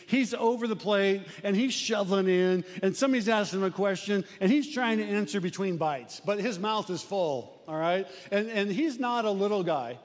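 An older man with a high voice preaches to his church, folksy and storytelling, stumbling over repeated words. His voice rings out with a long reverb, as in a big hall. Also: lively intonation, normal speed, few pauses. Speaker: pastor. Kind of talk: sermon.

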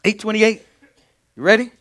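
A male pastor preaching a sermon, swinging between loud exclamations and hushed asides, addressing the congregation directly and repeating phrases. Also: high-pitched, moderate pace.

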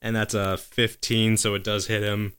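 A man's voice: fairly low pitch, flat delivery, moderate pace, background noise. A man narrating as game master of a tabletop game, improvising the action and stopping to correct himself.

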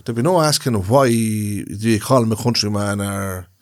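A man's voice: on the low side, moderate pace. Rambling Irish man explaining at length. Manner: rambling, repeats himself while explaining. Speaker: podcast co-host. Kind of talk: casual chat.

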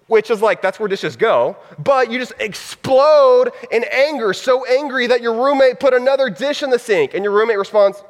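A man's voice: very high-pitched, expressive, normal speed, in a large hall. A man preaching in a conversational way, acting out everyday scenes with quoted voices. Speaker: pastor. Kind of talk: sermon.

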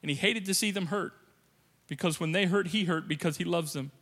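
A man's voice: sits high, brisk, fairly bright tone. A man preaching a sermon as a pastor, conversational and playful, often acting out quotes in different voices. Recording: long hall reverb.

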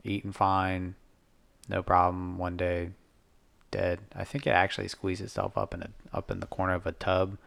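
A young man with a very low, gravelly voice co-hosting a casual podcast. He talks hesitantly, pausing often with ums and uhs as he gathers his thoughts. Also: fairly bright tone. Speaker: podcast co-host. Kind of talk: casual chat.

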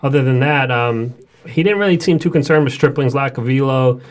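Steady, analytical podcast co-host. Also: male voice, medium pitch, brisk. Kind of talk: casual sports podcast chat.

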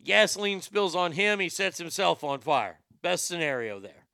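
A man's voice: on the high side, very animated, moderate pace, creaky, pushed and bright, dry recording. A man hosting an internet radio show, rambling through a profane, joking comedy monologue into a studio mic.

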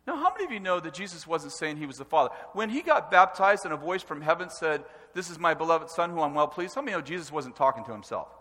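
A man preaching a sermon with animated, emphatic delivery and stresses that rise to a shout. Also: a little high, fast, hardly any pauses. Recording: long hall reverb.

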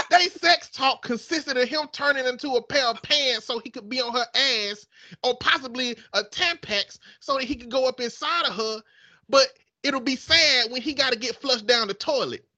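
A woman's voice: sits high, moderate pace, pushed and bright. A woman in casual chat, blunt and profane, often breaking into laughter. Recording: slightly muffled, dry.

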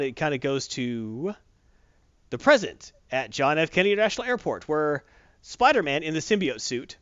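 Chatty guy rambling through a comic plot, pitch bouncing around, higher voice. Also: dry recording, muffled recording. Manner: animated, rambling with self-corrections. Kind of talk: casual comic book recap.

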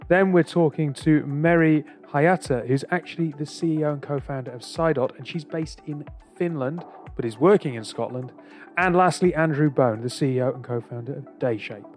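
A man's voice: on the high side, moderate pace, darkish tone, soft background music. Chatty podcast host, man. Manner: chatty, jokey banter. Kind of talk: casual chat.

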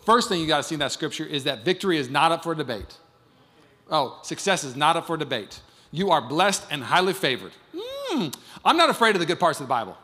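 A young adult male pastor preaching a live sermon in a church, emphatic and animated, acting out quotes with a voice that jumps up loud. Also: on the high side, a little fast, in a large hall. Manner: emphatic preacher, acts out quotes, rises to near shouts. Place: church sanctuary, live congregation.

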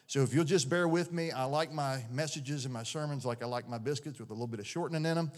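A man in his forties preaching a sermon as a pastor, folksy and animated, with homespun jokes. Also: mid-range voice, fast. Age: 40s. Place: church sanctuary. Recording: long church-hall reverb.

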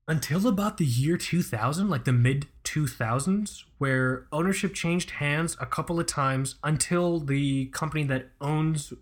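A young adult man hosting a podcast, talking in a rambling, casual, profane way and often correcting himself. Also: mid-range voice. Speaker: podcast host.

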